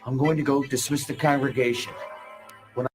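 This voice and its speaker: Actor as a stern, curt pastor, mid-pitched, faint music under the clip. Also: male voice, steady tone, a little fast, natural voice. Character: stern male pastor in a Christian kids' series.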